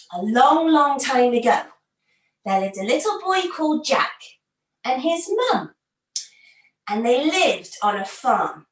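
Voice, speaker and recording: A woman leading a storytelling yoga class for young children, playful and encouraging, giving gentle instructions. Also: high voice, far from the mic. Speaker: kids yoga teacher. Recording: roomy echo, from off the mic.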